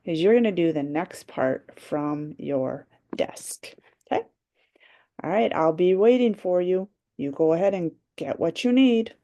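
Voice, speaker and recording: Woman teacher, unhurried phonics drill for young children; dark, slightly gravelly tone. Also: lowish voice, animated. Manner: sounds out words slowly, clear and instructive. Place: home or classroom, recording for remote students. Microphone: computer mic during screen share.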